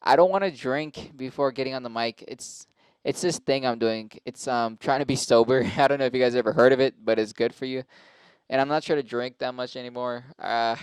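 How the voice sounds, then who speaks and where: A man's voice: medium pitch, smooth, no echo. Man rambling through a profane monologue. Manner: profane, rambling, self-interrupting. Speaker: host and stand-up comic.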